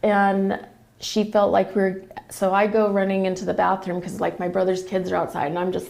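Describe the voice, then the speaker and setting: A woman's voice: medium pitch, flat delivery, fairly quick, creaky, a little mellow. A woman telling an emotional personal family story as a podcast guest, retelling what others said. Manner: emotional, quotes others in a run of retold dialogue.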